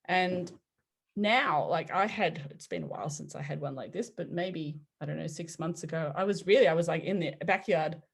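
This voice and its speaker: A woman in her forties, a podcast guest telling personal stories in an animated way, often laughing and acting out what people said. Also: low-pitched, moderate pace, gravelly, slightly rough. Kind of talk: conversational storytelling.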